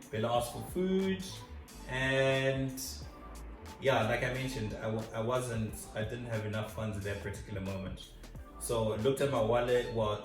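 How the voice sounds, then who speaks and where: A man from Zimbabwe telling a story in a casual, chatty, self-mocking way. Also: mid-range voice. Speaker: vlog co-host. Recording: echoey room, distant mic, music.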